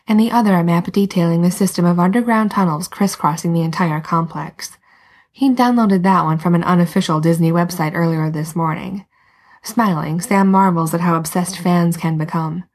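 Soft breathy woman narrating a story. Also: fairly low pitch. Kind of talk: scripted narration.

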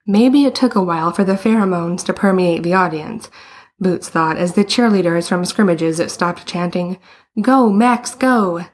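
A woman's voice: on the low side, moderate pace. A woman reading a novel aloud as an audiobook narrator. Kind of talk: scripted narration.

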